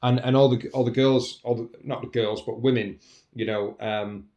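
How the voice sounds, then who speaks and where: A man's voice: medium pitch, fairly even intonation, normal speed, a little mellow, highs cut off. A man talking in a casual, reflective monologue as a podcast host, earnest and rambling, often restarting and saying "you know".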